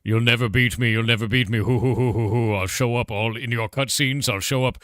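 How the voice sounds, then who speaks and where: A man's voice: mid-range voice, steady tone, fairly quick, fairly bright tone, no echo, studio quality, lightly acted. A man mocking a gloating undead villain king. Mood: taunting.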